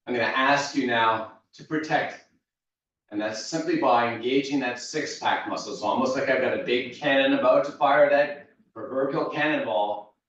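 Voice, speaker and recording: Male fitness instructor, steady easygoing cues, mid pitch, distant dull room recording. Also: moderate pace, heavy reverb. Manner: steady cueing, easygoing asides. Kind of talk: guided mobility class cueing. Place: large echoey fitness studio.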